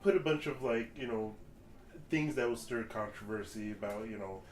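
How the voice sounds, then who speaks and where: A man's voice: fairly low pitch, moderate pace. A man rambling through a casual podcast chat, hunting for his words. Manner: rambling, many fillers and restarts. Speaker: podcast co-host. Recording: roomy, faint background hiss.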